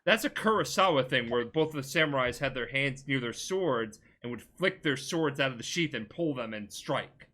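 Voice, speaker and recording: A man's voice: medium pitch, expressive, moderate pace, few pauses, sharp tone. A tipsy man rambling through a game plot on a casual podcast, full of filler words and restarts. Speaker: podcast co-host.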